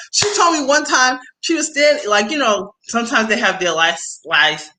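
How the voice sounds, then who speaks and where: A young woman hosting a casual chat, telling an animated story with slang and frequent laughter. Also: on the high side, moderate pace, hardly any pauses. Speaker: host.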